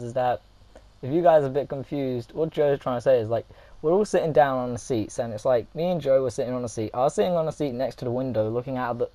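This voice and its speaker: A young man casually telling a funny story to his viewers, animated and laughing, acting out what people said. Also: mid-range voice, dry recording, rough recording. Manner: animated, laughing, acts out quotes. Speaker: vlogger.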